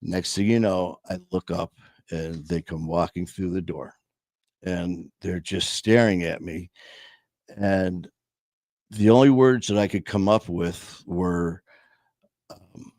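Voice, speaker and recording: A man hosting his own show, telling a personal story in a slow, reflective way with many pauses and fillers. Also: low voice, steady tone, darkish tone, no room sound, clean studio sound.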